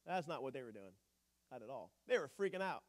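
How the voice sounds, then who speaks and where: A male pastor preaching a sermon in an animated, joking, conversational way. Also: medium pitch, brisk.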